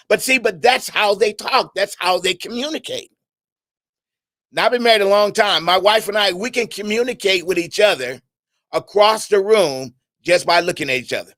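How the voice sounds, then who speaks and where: This middle-aged man has a high, light voice and a lively, preaching delivery, firing rhetorical questions and circling back over his own phrases. The recording is close and dry, with no room sound around him. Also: no echo. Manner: animated, conversational, asks the audience questions; repeats words and restarts often. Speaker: speaker on an internet radio talk show. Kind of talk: preaching-style talk on communication.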